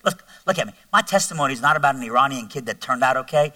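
A man giving his testimony as a guest speaker in a large church, telling his story in an animated, conversational way with self-mocking humor. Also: medium pitch, very fast, no echo, recorded from a distance.

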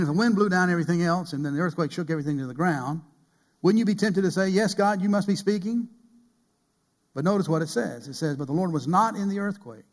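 A man preaching from a church pulpit, his voice sitting a little high. He swings between loud emphatic peaks and soft, hushed passages as he builds his sermon. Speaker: pastor.

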